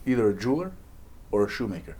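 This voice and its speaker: A man co-hosting a casual chat, relaxed and repeating words as he thinks aloud. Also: on the low side, quick pace, husky.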